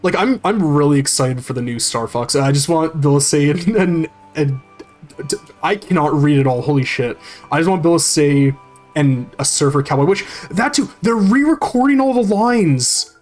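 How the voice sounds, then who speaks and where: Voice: medium pitch, expressive, normal speed, a little mellow, faint music behind. A game streamer chatting casually while playing, rambling and swearing freely as they read and answer chat.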